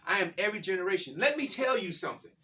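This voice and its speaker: A man's voice: high-pitched, very animated, rapid-fire, pushed and bright, far from the mic. A man giving a spiritual talk in a fired-up, preacher-like way, repeating his phrases. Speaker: spiritual speaker.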